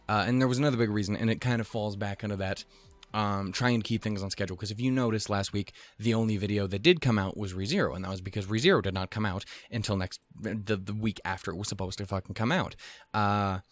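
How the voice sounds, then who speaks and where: Young man, anime reaction host, low voice, rambling and profane, slightly out of breath, faint music behind. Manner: rambling, swears often, laughs at himself. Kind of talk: casual chat.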